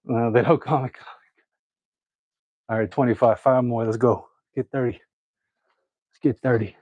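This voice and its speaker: A man's voice: medium pitch, level tone, unhurried, long pauses, a little mellow, dry recording, highs cut off. A man chatting casually to viewers while he works out at home, joking, laughing often and counting his reps aloud. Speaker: fitness vlogger. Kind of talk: casual chat during a workout.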